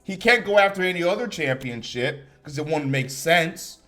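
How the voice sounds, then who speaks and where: A man's voice: on the high side, animated, normal speed, pushed and bright, soft background music. A young man reviewing a wrestling show in a heated, profane rant, laughing and swearing.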